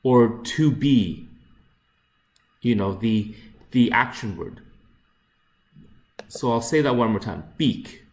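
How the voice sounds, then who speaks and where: A man teaching English pronunciation, repeating each word slowly and carefully, with frequent fillers. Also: medium pitch, animated, darkish tone. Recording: echoey room.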